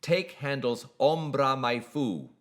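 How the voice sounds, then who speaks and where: A man narrating a scripted singing lesson in a measured, precise, explanatory way. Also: mid-range voice, a bit bright. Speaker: singing teacher.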